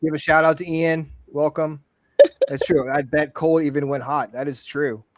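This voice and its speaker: A man hosting a paranormal talk show, enthusiastic and joking, with quick eager reactions. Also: on the high side, steady tone, no echo. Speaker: podcast host. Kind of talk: casual chat.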